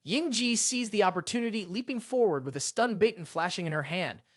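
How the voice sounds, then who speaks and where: A narrator reading a scripted story recap in a brisk, expressive way. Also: mid-range voice, no room sound, clean studio sound.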